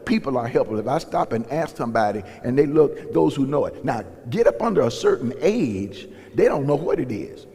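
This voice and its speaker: Man preaching, gravelly voice, lively pitch swings, folksy storytelling, long church hall reverb. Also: fairly quick, few pauses. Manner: folksy storytelling, acts out dialogue in raised voices. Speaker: pastor. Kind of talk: sermon storytelling. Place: church sanctuary.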